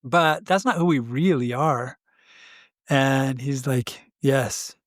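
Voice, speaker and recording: A man co-hosting a podcast, telling a story in a casual, animated way, acting out quoted dialogue and laughing often. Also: mid-range voice, takes it slowly, no room sound, clean studio sound. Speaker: podcast co-host.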